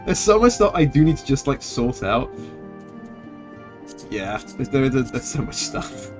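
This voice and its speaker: A man streaming a video game, chatting to viewers in an animated, rambling way. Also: medium pitch, slow pace, long pauses, music in the background. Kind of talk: casual gameplay commentary.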